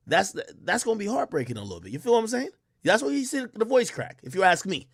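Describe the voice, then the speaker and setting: A man hosting a reaction stream, talking casually and explaining his view as he goes. His voice sits a little high for a man, and the recording is close and dry with no room sound. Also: big pitch swings, fast, hardly any pauses, a bit bright, no room sound. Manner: casual, explanatory, repeats "you know" and "like". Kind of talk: casual commentary on a clip.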